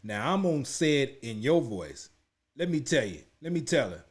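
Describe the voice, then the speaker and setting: A man's voice: medium pitch, big pitch swings, normal speed, breathy edge. A man hosting a live reaction stream, talking in a blunt, slangy, colloquial way. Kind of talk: casual live reaction commentary.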